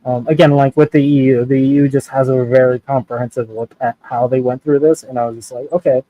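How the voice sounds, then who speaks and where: A man speaks over a video call in a casual debate, hesitant and agreeable, with many fillers. His voice is mellow and dark. The sound is dry and close. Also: mid-range voice, steady tone, a little fast, dry recording, muffled recording. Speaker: debate panelist.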